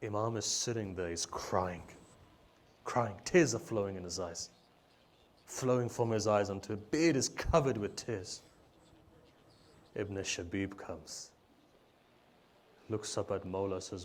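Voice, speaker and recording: Emotional low-voiced man preaching. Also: unhurried, long pauses. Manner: emotional storytelling, swelling loud then dropping low. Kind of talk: majlis sermon.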